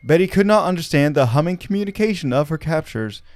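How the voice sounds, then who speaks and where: A man's voice: a little high, lively intonation, fast, darkish tone, no room sound, soft background music. A man from Arkansas who hosts a podcast, telling a story with wry asides and laughing at his own jokes. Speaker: podcast host.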